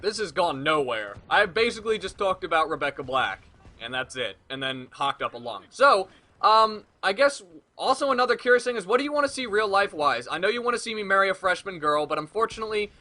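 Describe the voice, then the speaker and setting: Bright-voiced teen guy rambling. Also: fairly high pitch. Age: late teens. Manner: rambling, profane, jokey. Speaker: gaming video commentator. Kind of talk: casual rambling commentary.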